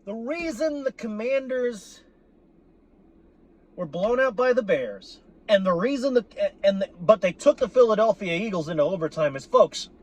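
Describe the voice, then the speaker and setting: A man's voice: sits high, animated, moderate pace. A man venting in a profane, exasperated monologue about his team, sarcastic and repeating himself for emphasis. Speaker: sports fan vlogger.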